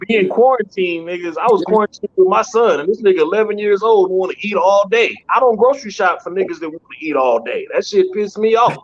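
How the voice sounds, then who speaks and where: A man with a high voice performs a loose, profane stand-up set from his guest room at home. The sound is dull and lo-fi, and he rambles from joke to joke. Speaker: headlining comedian.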